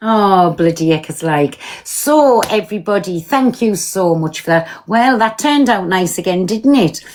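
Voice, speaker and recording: A woman's voice: mid-range voice, expressive, slow pace, darkish tone. A woman hosting a live stream from home, talking casually and bluntly, swearing freely and answering her viewers. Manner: blunt, swears freely, talks back to commenters.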